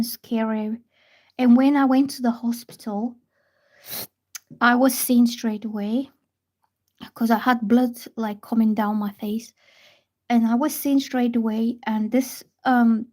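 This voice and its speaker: A young woman reading tarot on a livestream, chatting casually and telling a story with soft, hesitant restarts. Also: fairly high pitch.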